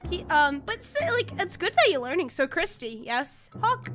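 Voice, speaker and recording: A woman streaming a game and giving excitable casual commentary, swearing freely and bursting into shrieks. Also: high voice, moderate pace, hardly any pauses, soft background music. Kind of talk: casual let's-play commentary.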